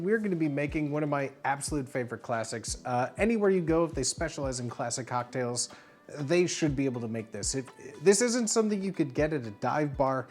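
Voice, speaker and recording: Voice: medium pitch, expressive, a little fast, darkish tone, faint music behind. A streamer acting as a bartender in a comedic livestream, rambling playfully and stumbling over fillers. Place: home streaming setup.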